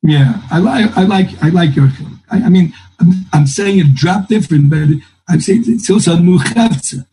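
A man's voice: sits high, moderate pace, warm tone, faint music behind, poor audio. A man teaching a Talmud class, thinking aloud and quoting texts in a lilting singsong. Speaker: Torah teacher.

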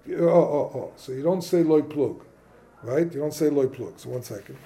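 A man's voice: fairly high pitch, animated, normal speed, mellow. A man teaching an informal Torah class, asking questions and mixing in Hebrew and Yiddish terms. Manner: casual, questioning, yeshivish phrasing mixed with English. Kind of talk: informal Talmudic lesson.

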